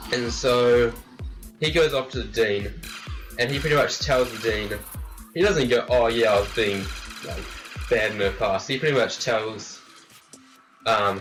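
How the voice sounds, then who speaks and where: A man's voice: on the low side, fairly bright tone. A teenage man casually telling a story as a vlogger, rambling with lots of "like" fillers. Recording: distant mic with faint music.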